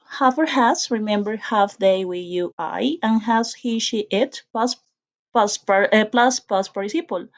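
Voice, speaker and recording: A woman's voice: on the high side, lo-fi sound. A woman whose first language is Spanish, teaching an English grammar lesson and explaining step by step with frequent self-corrections.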